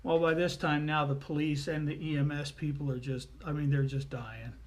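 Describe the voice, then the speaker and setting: Folksy male storyteller, slightly high voice, casual and chatty. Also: level tone. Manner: folksy, chatty, with frequent "uh" pauses. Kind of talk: casual spoken anecdote.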